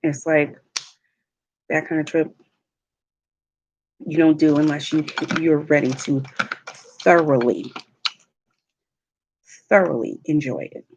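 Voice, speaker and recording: A woman, a mother, telling stories in a relaxed, chatty way while eating on a livestream vlog. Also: deep voice, muffled recording, a little hiss or hum. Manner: slow, chatty storytelling with laughs. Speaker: mukbang vlogger. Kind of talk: casual chat while eating. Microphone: livestream mic.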